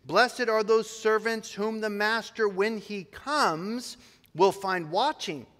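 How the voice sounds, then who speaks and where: High-voiced pastor preaching in reverb. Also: male voice, slow, a bit bright. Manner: expository preaching, reading scripture aloud. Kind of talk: sermon. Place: church sanctuary. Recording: long reverb of a church hall.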